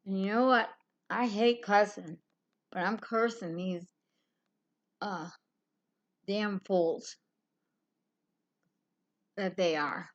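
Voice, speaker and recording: A woman's voice: mid-range voice, steady tone, slow, pauses often, lo-fi sound. A woman on a live stream, delivering a furious, rambling rant full of swearing.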